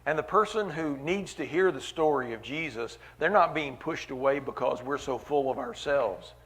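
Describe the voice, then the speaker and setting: A man's voice: mid-range voice, normal speed, fairly bright tone. A man preaching a sermon at a church meeting, earnest, repeating key phrases for weight.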